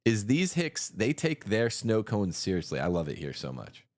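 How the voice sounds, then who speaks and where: A man's voice: lowish voice, huge pitch swings, normal speed, darkish tone. A man hosting a livestream, arguing in a combative, mocking way. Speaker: host. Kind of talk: livestream commentary.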